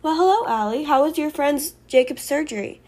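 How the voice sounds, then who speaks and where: A woman voicing a gentle female sign language teacher who talks with soft sighs. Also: sits high, very animated, a little fast, pitched above the performer's own voice. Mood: kindly. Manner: sighing, soft and motherly.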